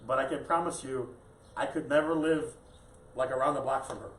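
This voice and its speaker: A man's voice: mid-range voice, fairly even intonation, a little fast, a bit bright, distant mic, a little hiss or hum. Chatty man in an echoey room. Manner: chatty, jokey, lots of "yeah" and "right". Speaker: real estate show co-host. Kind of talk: casual live-stream chat.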